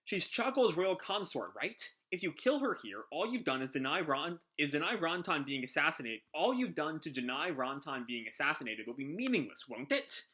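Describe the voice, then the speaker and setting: A man's voice: a little high, big pitch swings, normal speed, hardly any pauses, bright, forceful tone. A man reading as a defiant young princess. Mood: pleading.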